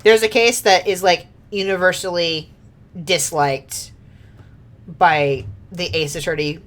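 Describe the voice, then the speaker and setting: A woman's voice: on the low side, fairly even intonation, takes it slowly. A woman streamer chatting casually over gameplay, rambling with many filler words and frequent laughs.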